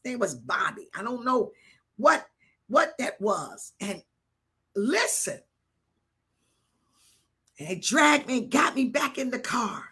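An older woman bishop preaching a live sermon, telling a personal story with animated swings between hushed and shouted delivery. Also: fairly high pitch, takes it slowly, pauses often, husky.

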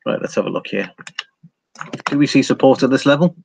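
A man's voice: medium pitch, brisk, vocal fry, darkish tone, slight background noise. A man hosting a casual live stream, reading viewer comments aloud and talking through price charts, laughing often.

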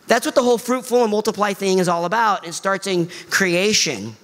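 A middle-aged male pastor preaching a sermon, animated and emphatic. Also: a little fast. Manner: animated preaching, pitch swings high for emphasis.

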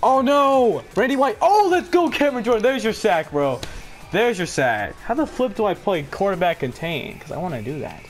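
A young man narrates his own football game in a high, wildly swinging voice. He mutters low, then bursts into shouts and laughter. Game music plays faintly underneath. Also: big pitch swings, moderate pace. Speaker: gaming video host. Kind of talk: excited gameplay commentary.

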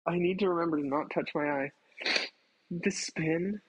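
A man's voice: a little high, normal speed, breathy edge, lo-fi sound. A man chatting casually to his livestream chat while cooking in his home kitchen, swearing freely and poking fun at himself. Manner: chatty, swearing, self-mocking, talks to chat. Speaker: streamer.

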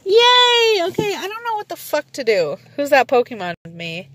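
A woman's voice: fairly high pitch, a little fast. A woman chatting on a live stream from inside a car on a rainy night, joking, swearing and laughing a lot into her phone. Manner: excitable, jokey, swears, laughs often. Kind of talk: casual live-stream chat. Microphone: phone held in hand.

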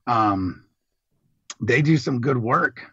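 A man's voice: mid-range voice, lively intonation, slow pace, fairly bright tone, breathy edge, no echo, muffled recording. A middle-aged man, a Marine veteran guest, telling rambling, profane stories in casual chat.

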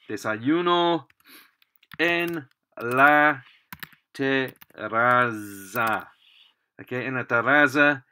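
A man's voice: mid-range voice, bright, forceful tone. A man teaching a language lesson, explaining patiently while typing at a computer. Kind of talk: screen-recorded language lesson.

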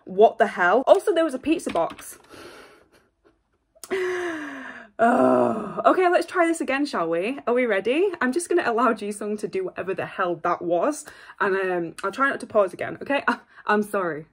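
A young woman hosting a reaction video from home, excitable and gushing, constantly apologizing while faint music plays behind her. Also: a little high, normal speed, breathy edge. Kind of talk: casual reaction vlog. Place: home room at a desk. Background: faint music playing.

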